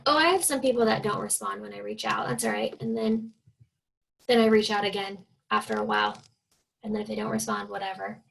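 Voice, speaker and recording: A woman's voice: medium pitch, vocal fry, a bit bright, low-quality recording. A young woman from Oregon, speaking as a guest on a team video call, chatty and full of fillers, often acting out the people she quotes. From Oregon, USA. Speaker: guest speaker, fitness coach. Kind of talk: casual team call talk.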